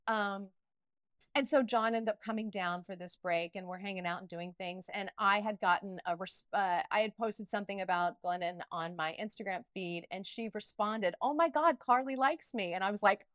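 A middle-aged woman speaking candidly as an interview guest, animated and emotional, with frequent restarts and laughter. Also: medium pitch, moderate pace, dry recording. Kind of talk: candid personal interview talk.

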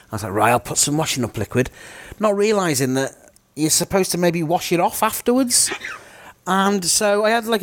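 A man's voice: a little high, dry recording. A young man co-hosting a podcast, telling stories in a rambling, self-mocking way. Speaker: podcast co-host. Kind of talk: casual chat.

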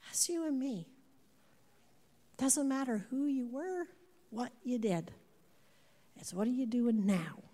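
A woman in her fifties preaching a sermon to a congregation, animated, repeating words and putting questions to the room. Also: a little high, slow pace, pauses often. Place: church before a congregation. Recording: long hall reverb.

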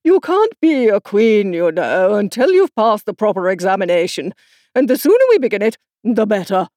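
A woman doing a sharp, commanding storybook queen. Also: medium pitch, big pitch swings, normal speed, no echo, clean studio sound, lightly acted. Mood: stern. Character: stern imperious adult female queen. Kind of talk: audiobook character voice.

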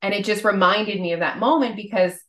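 A woman's voice: medium pitch, fairly quick, a bit bright, reverberant. A woman co-hosting a podcast, chatting casually and filling her talk with "like". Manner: chatty, lots of "like" fillers. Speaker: podcast co-host. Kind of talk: casual chat.

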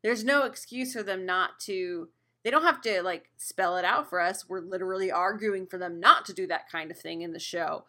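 A woman with a bright, forward voice talks through a TV episode with her co-host. She reasons things out step by step in a relaxed, conversational way. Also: on the low side, normal speed. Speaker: podcast co-host. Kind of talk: casual TV recap chat.

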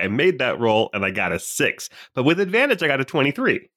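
A man's voice: mid-range voice, very animated, fast talker, fairly bright tone. Man, tabletop player, playful casual chat, bouncy intonation.

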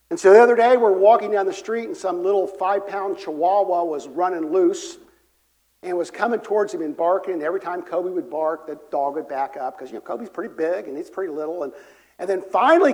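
A man preaching a sermon as pastor, earnest, moving between emphatic and soft delivery. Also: sits high. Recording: long reverb of a large hall.

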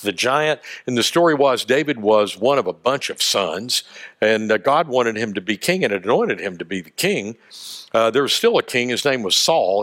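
A man preaching a sermon, telling stories with lively acted-out voices and asides. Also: medium pitch. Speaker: pastor.

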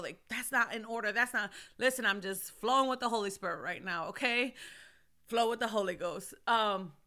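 A middle-aged woman, a mother and ministry leader, preaching fervently and shouting praise. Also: high-pitched, clean tone. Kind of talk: sermon.

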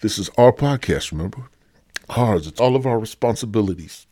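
A man's voice: on the low side, expressive, brisk, dark tone, slightly rough, no room sound. A man hosting his own podcast alone, rambling and swearing constantly, sighing and feeling a little sick as he talks. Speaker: podcast host. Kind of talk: rambling solo podcast rant.

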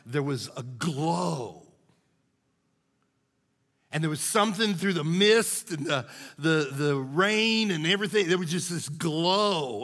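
Folksy pastor in a reverberant hall. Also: male voice, on the high side, fairly bright tone. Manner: folksy and conversational, says "man" a lot. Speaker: lead pastor. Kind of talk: storytelling sermon. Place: church sanctuary. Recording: church hall with long reverb.

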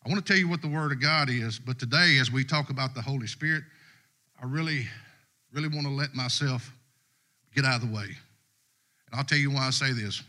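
A man's voice: medium pitch, fairly quick, pauses often, pushed and bright. A middle-aged man, preaching a casual, folksy sermon to a church congregation. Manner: folksy and conversational, Southern US dialect. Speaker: guest preacher. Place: church sanctuary.

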